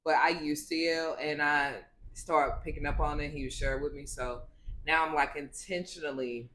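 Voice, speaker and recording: A woman's voice: sits low, steady tone, normal speed, fairly bright tone, slight background noise. A woman co-hosting a casual marriage chat, earnest and reflective, with lots of "you know" fillers. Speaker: podcast co-host.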